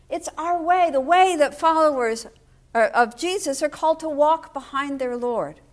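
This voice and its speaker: High-voiced older woman preaching a sermon. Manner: storytelling, wry humor. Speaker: pastor.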